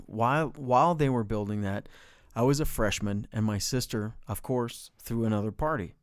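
Middle-aged male co-host, spins lively small-town yarns, cusses, jumps up high when worked up; close, dry mic. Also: normal speed, clear, resonant tone, no room sound. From Bloomfield, New Mexico. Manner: animated storyteller, swears, gets loud and high when excited. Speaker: podcast co-host. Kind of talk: casual storytelling chat.

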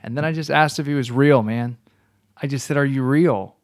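Animated man telling a testimony. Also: mid-range voice, fairly quick. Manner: animated storyteller with frequent restarts and laughs. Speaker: guest telling his testimony. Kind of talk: casual testimony in a talk show.

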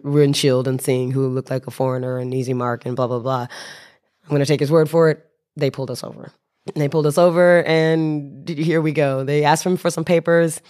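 A man's voice: fairly high pitch, darkish tone. A man telling a rambling, wry travel anecdote in casual speech, often restarting his sentences and briefly acting out other people's voices. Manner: rambling, self-correcting, wry, acts out voices. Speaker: storyteller.

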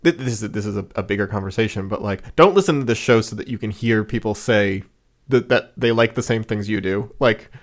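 A man's voice: fairly low pitch, brisk. Rambling man on a podcast. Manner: rambling, filler-heavy, laughs often. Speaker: podcast co-host. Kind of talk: casual podcast chat.

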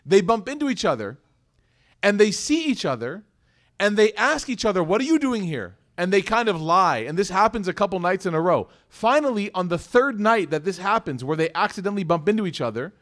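Brisk and high-voiced, an Islamic lecturer delivers a religious talk in a casual, energetic style. He often throws rhetorical questions at the audience and slips in humorous remarks.

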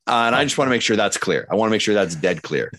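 A man's voice: lowish voice, animated, quick pace, a bit bright, dry recording. A man co-hosting a casual podcast, rambling with fillers and teasing the others with dry humor. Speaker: podcast co-host.

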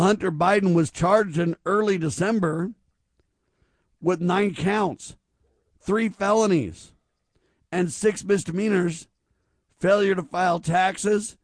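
A man's voice: high voice, no echo, studio quality. A man hosting a talk radio show, speaking emphatically and stacking rhetorical questions. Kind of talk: conservative talk radio commentary.

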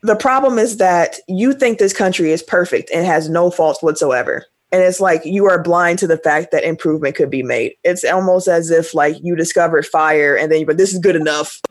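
A man's voice: fairly high pitch, normal speed, hardly any pauses, dry recording. A man hosting a casual podcast, giving his opinions with heat and emphasis. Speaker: podcast host.

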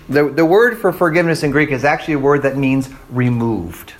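A man preaching a sermon with a slightly higher voice than most men. He talks in a casual, conversational way, stops to ask "right?", and acts out quoted voices. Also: sing-song, brisk, hardly any pauses, fairly bright tone. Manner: checks in with "right?" and "okay?". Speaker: pastor.

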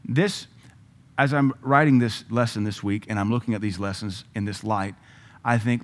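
A man's voice: lowish voice, normal speed. Emphatic middle-aged male preacher. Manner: emphatic, rising to loud bursts when quoting scripture. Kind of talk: sermon.

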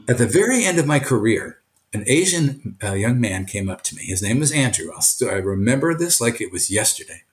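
An older man from Brooklyn, a retired teacher and author, answering interview questions earnestly, often halting and restarting. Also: medium pitch, very animated. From Brooklyn, USA. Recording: echoey room.

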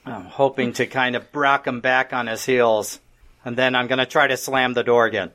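A man playing in a tabletop role-play game, speaking in a deliberate, measured way. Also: mid-range voice, fairly even intonation, sharp tone. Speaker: player.

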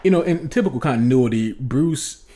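A man's voice: mid-range voice, expressive, moderate pace, warm tone. A male podcast co-host chatting casually about comics. He rambles, repeats himself as he restarts thoughts, and swears freely. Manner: rambling, profane, frequent restarts. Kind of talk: casual comic book chat.

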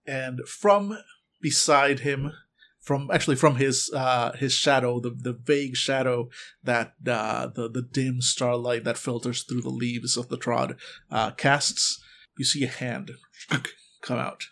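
A man's voice: mid-range voice, fairly even intonation, unhurried, creaky, fairly bright tone. A man running a tabletop game as game master, narrating in a rambling way with many ums and restarts.

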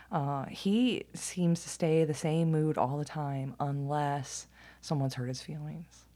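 A woman with a deep, low-pitched voice talking in a loose, casual monologue. She is candid and blunt, swears freely and laughs often. Now and then she sinks to a near whisper. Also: darkish tone, husky.

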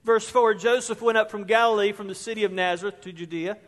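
High-voiced emphatic man preaching. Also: little pitch movement, fast talker. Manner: emphatic, rising to stress key words. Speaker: pastor. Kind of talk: sermon with scripture reading. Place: church sanctuary. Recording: long reverb of a church hall.

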